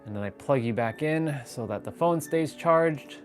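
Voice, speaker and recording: A man's voice: a little high, animated, normal speed, faint music behind. A man chatting casually on a live stream from his phone at home, rambling and greeting viewers by name. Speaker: vlogger. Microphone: phone on gimbal.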